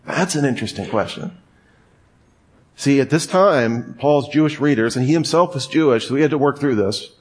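A man's voice: mid-range voice, lively intonation, moderate pace, breathy edge. A man preaching a sermon in a conversational way, with joking asides. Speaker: pastor.

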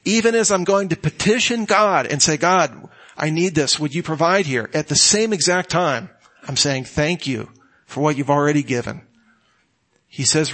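A male pastor preaching a sermon in a somewhat raised voice. He speaks emphatically, pressing his points with sharp questions. He also leads a prayer. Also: a little high, moderate pace. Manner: emphatic, rising to exclamations then closing in prayer.

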